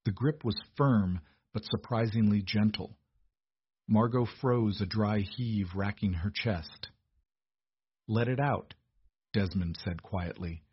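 A man narrating a scripted story in a steady, measured storytelling manner. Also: on the low side, breathy edge, no room sound, muffled recording.

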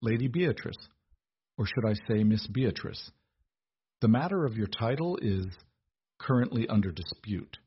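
A man's voice: fairly low pitch, lively intonation, measured pace, long pauses, husky, no echo, highs cut off. A man reading the part of a cold, pompous male lawyer with a clipped, sneering delivery. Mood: condescending.

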